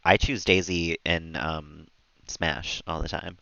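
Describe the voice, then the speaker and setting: A man's voice: a bass voice, fairly even intonation, slow pace, creaky, pushed and bright, no echo, lo-fi sound. A man live-streaming a game, rambling and chatty, often laughing at his own jokes. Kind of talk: casual gameplay commentary.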